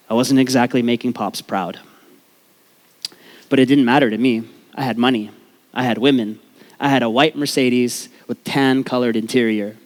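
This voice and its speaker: On a storytelling stage, a young man from Canada delivers a humorous personal story to the crowd, laughing at himself and swearing without restraint. His voice sits at medium pitch and sounds a little mellow.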